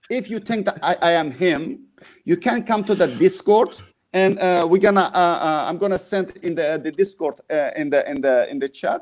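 High-voiced man, halting fervent speech. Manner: halting, many fillers, non-native grammar; forceful, mocking. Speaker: guest speaker. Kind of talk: impassioned live-stream testimony.

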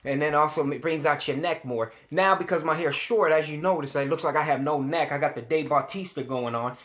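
A young man telling a story to the camera in a casual, animated way, swearing and repeating himself when he gets worked up. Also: on the high side, fairly quick.

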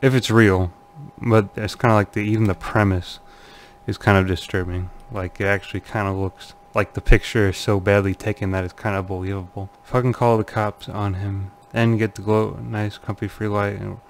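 A man's voice: fairly low pitch, fairly even intonation, normal speed, slight background noise. A man casually commenting on forum posts he reads aloud, laughing nervously and muttering uneasily. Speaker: channel host.

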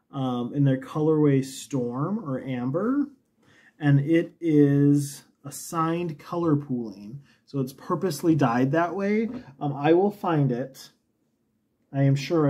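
A man with a fairly high but mellow voice chats casually as a knitting host. He rambles and pokes fun at himself, sometimes drifting away from the mic as he talks. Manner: chatty, self-mocking, rambling asides. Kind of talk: casual chat.

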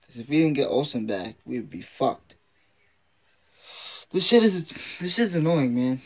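Here a sports fan vlogger rants angrily in a mid-range voice with big pitch swings and a measured pace. He's frustrated, swears constantly and keeps repeating himself.

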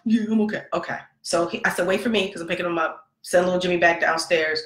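A woman in her thirties telling a lively personal story as a podcast host, acting out the people she quotes and laughing often. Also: fairly low pitch, fast talker, few pauses. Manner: animated, laughing, acts out quotes. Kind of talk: casual storytelling monologue. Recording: echoey room.

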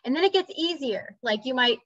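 A woman's voice: sits high, expressive, brisk, a bit bright, no echo. A woman sharing a personal story in a casual, earnest talk, now and then acting out voices and bird sounds. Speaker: spiritual speaker. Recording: slightly dull dry recording.

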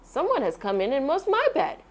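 A woman voicing a small, easily upset boy bear cub in a storybook read-aloud, squeaky and childlike. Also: sing-song, takes it slowly, fairly bright tone, heavily acted. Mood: whiny.

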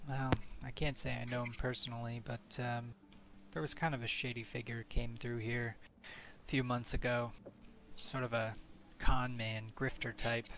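A man voicing a tough woman who keeps griffins, blunt and wry, with a slow gravelly delivery. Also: medium pitch, flat delivery, a bit bright, a little hiss or hum. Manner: blunt, wry, hesitant with fillers. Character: tough woman griffin keeper, dry humor.

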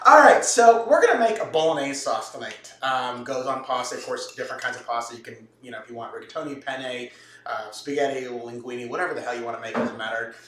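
A man with a mid-range, somewhat bright voice talks fast while hosting a home cooking show, joking and rambling with plenty of fillers and restarts in casual banter. He's recorded from a distance in a roomy space.

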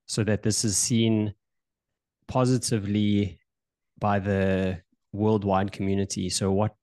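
A male podcast host with a lowish, somewhat mellow voice improvises a role-play as a well-known politician, using his own voice. He's loose and hesitant, repeating words, and the recording has no echo.

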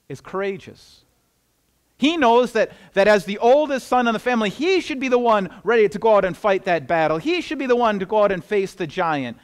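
A man's voice: sits high, smooth. A man preaching an earnest, conversational sermon as a pastor, often restarting and repeating words.

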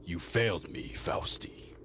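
A man voicing a cold, scornful male dark overlord who speaks slowly and dismissively. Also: a little hiss or hum, natural voice. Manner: slow, low and dismissive.

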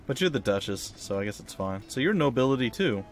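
A man's voice: mid-range voice, sing-song, a little fast, soft background music. A man hosting a casual let's play, joking around and reading game dialogue aloud. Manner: playful, jokey, drops into silly voices.

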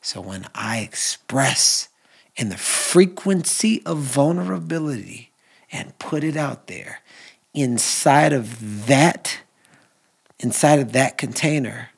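A man, a podcast guest, telling an emotional personal story with earnest intensity, dropping to whispers and rising to loud bursts. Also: medium pitch, expressive, slow, vocal fry, breathy edge.

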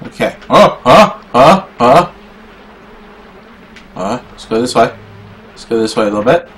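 A young man playing a video game and commenting as he goes, swearing a lot and swinging from low muttering to shouting in frustration. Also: lively intonation, measured pace. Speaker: gaming YouTuber. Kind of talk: raging gameplay commentary.

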